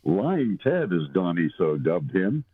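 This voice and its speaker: A man's voice: sits low, big pitch swings, slow pace, husky. A man joining a livestream as a guest, chatting about politics in a wry, amused way. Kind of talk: casual political chat. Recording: tinny phone-like call audio.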